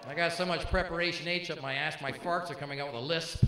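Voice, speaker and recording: A man's voice: a little high, fairly even intonation, quick pace, very noisy. A middle-aged man doing brash, punchy stand-up comedy on a club stage, bantering with the crowd. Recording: echoey live room with faint ambience.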